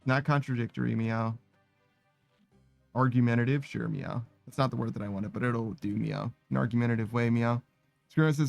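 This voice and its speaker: Soft music plays under a creaky, steady mid-range male voice at moderate pace, with no room sound. The tired streamer casually reads viewer messages, closing nearly each sentence with "meow," laughing and swearing often in a laid-back way.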